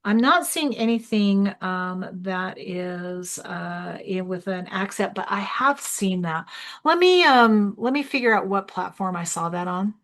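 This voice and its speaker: A woman's voice: mid-range voice, expressive, a little slow, a bit bright. A woman instructor giving a live online tutorial, chatty and explaining step by step as she clicks through an app. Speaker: small business workshop instructor.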